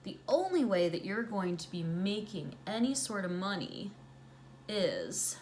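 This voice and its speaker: A woman vlogger telling a story while doing her makeup, chatty and sarcastic, dropping into hushed voices when she quotes people. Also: medium pitch, sing-song, measured pace, slight background noise. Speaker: beauty vlogger.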